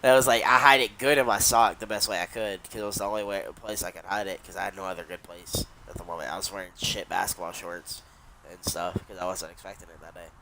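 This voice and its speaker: A man's voice: sits low, steady tone, fast talker, vocal fry, background noise. A young adult man casually telling a long story while he streams a game, rambling and swearing, with many restarts.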